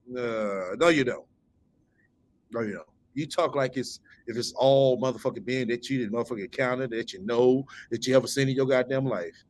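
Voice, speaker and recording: A man's voice: mid-range voice, normal speed. A man hosting a commentary channel, reading a post aloud and reacting with profane, mocking, incredulous rants. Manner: breaks into laughter at times.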